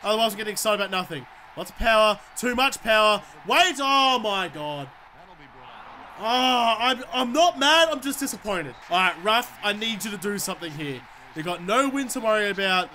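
High-voiced, excitable man gaming. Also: moderate pace. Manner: excitable, swearing, shouting at the game. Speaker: gamer. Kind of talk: let's-play commentary.

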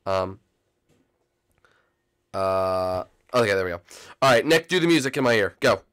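A man hosting a gameplay channel speaks in a lowish, clean-toned voice, a little slowly. He chats casually with viewers, calling them "folks," and excitedly yelps and shouts at game moments.

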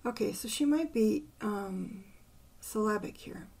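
An older woman hosting a poetry channel, thinking aloud and softly counting syllables under her breath as she picks a poem apart. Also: medium pitch, expressive, a little slow. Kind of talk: casual poetry analysis.

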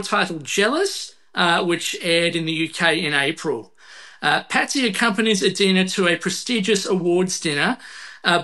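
A man's voice: sits high, sharp tone. A man hosting a podcast, reading through a TV guide in casual chat with many fillers. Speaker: podcast host.

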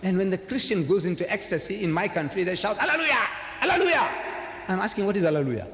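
A man's voice: high voice, rapid-fire. Male lecturer, emphatic and rhetorical, recorded echoey and roomy from far off. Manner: emphatic, rhetorical, swings between loud and soft. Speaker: religious lecturer. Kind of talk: public lecture.

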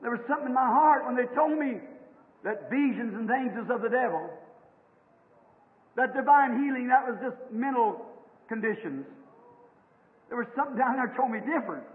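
A man preaching a sermon, who tells a story in low tones and then rises to shouted exhortation. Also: lively intonation, moderate pace, pauses often. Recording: tinny old recording in echoing hall.

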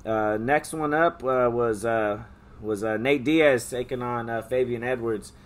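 Hoarse, halting man from California. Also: medium pitch. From Stockton, California. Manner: halting, many fillers and restarts. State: hoarse, losing his voice. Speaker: podcast co-host, MMA betting picks. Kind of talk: casual chat.

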